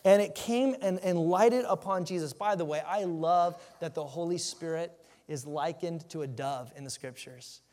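A man preaching with emphatic, animated delivery and a somewhat raised pitch. He often restarts his sentences, and his voice carries a long reverb from a large church hall. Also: normal speed. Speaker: pastor. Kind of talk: sermon.

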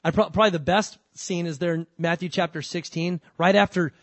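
This pastor's voice sits high and moves a little fast, with no echo on the recording. He preaches in an animated, chatty way, alternating loud emphasis with soft asides and adding bits of humor.

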